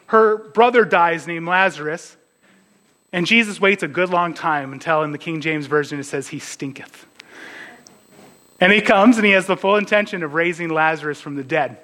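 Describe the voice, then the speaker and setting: A man's voice: high-pitched, sharp tone, rough recording. A man preaching a conversational sermon as pastor, dropping to a near whisper at tender moments.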